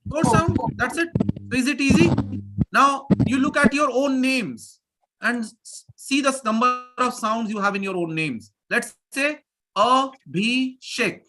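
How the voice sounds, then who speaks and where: A man teaching pronunciation in a live online class, energetic and repeating phrases as he drills his students. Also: very high-pitched, a little slow. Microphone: video call.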